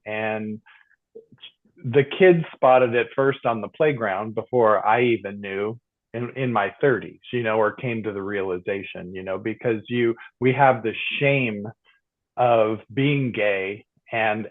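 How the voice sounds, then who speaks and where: A man in his sixties telling a personal story on a panel, emotional and halting, over a video call. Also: mid-range voice. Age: 60s. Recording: tinny phone-like line.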